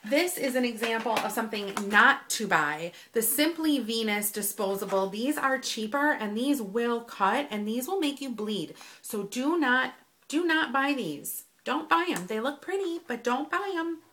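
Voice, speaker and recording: A woman's voice: on the high side, expressive, unhurried, bright, forceful tone, a little hiss or hum. A woman vlogger in her thirties talking casually and candidly to camera, with plenty of fillers. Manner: chatty and candid, with lots of fillers. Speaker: beauty vlogger. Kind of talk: casual vlog talk.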